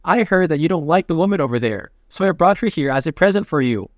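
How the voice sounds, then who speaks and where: A man reading the lines of a quick-witted, scheming young woman in a comic recap, with little change from his own voice. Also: a little high, expressive, no echo, clean studio sound, natural voice.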